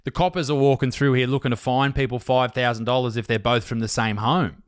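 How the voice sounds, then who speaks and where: An Australian man hosting a podcast, telling stories in casual chat, swearing and getting animated when riled up. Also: mid-range voice, fairly quick, clear, resonant tone, no echo, clean studio sound. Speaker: podcast host.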